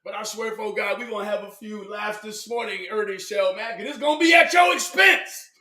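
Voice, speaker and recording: A man delivering a mocking roast, shouting his punchlines and cackling between jokes. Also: high voice, brisk. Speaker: roast commentator. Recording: echoey room, far from mic.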